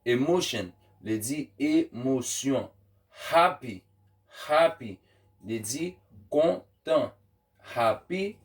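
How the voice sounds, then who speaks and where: A man teaching vocabulary at an unhurried pace, repeating each word before giving its meaning. His voice sits at an ordinary pitch and sounds a little distant from the microphone. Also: expressive. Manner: repeats each word slowly, then gives the translation. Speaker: language teacher. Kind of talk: vocabulary lesson. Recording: voice from a distance off the mic.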